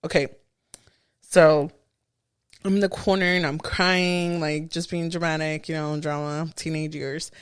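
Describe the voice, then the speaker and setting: A young woman co-hosting a podcast, telling stories in casual chat, animated and often laughing. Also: deep voice, a little slow, clear, resonant tone. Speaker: podcast co-host.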